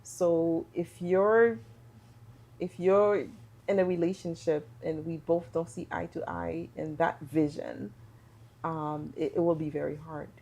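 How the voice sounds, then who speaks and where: A woman's voice: low voice, fairly even intonation, takes it slowly, warm tone. A middle-aged woman from Haiti, a business owner and podcast guest, speaking earnestly and repeating words for emphasis. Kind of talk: casual podcast conversation.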